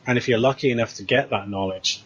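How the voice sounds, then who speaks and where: British guy spinning a ghost story, kinda breathy, does all the voices himself. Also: mid-range voice, quick pace, dull audio. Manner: animated retelling with quoted dialogue. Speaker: co-host. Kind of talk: casual storytelling.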